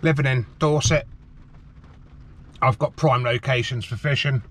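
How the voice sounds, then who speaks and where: A man's voice: medium pitch, a little slow, fairly bright tone. A middle-aged man from the Cotswolds chatting outdoors to his fishing channel viewers, rambling and calling them "guys", his speech thickened by a sweet in his mouth. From England, the Cotswolds. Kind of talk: casual vlog chat to viewers. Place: outdoors on the shore of a harbour, light rain. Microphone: camera on a tripod.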